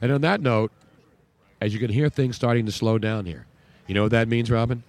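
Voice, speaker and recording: A man's voice: medium pitch, brisk. A man hosting a talk radio show, chatting loosely and reading a live ad. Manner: chatty, rambling.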